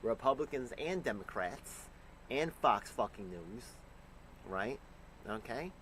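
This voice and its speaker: A man angrily reacting to a news clip, ranting and swearing with sudden loud bursts. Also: medium pitch, lively intonation, slow, slight background noise, poor audio. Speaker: commentator reacting to news clips. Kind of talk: profane reaction commentary.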